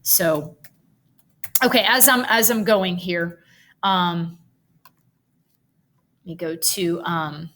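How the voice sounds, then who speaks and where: Slow, bright-voiced writing tutor thinking aloud. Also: female voice, on the low side, slight background noise. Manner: chatty, self-correcting, nerdy asides.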